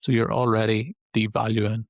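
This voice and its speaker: Man, Irish accent, podcast host, dry close sound, low pitch, casual advice talk. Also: little pitch movement, moderate pace, no room sound, dull audio. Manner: conversational, loose and repetitive phrasing.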